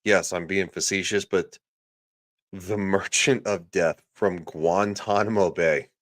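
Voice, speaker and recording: A man's voice: low voice, fairly even intonation, takes it slowly, a bit bright, no echo, clean studio sound. A man hosting a livestream, ranting sarcastically and crudely, often reading out viewers' chat comments. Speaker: livestream host.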